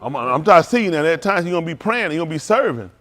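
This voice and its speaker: Male pastor, joking sermon style, laughs a lot, slightly higher voice. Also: animated, fast talker. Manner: loud, laughing, playful banter with the congregation; drops to a low, quiet earnest tone for counsel. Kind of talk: joking sermon talk to a congregation.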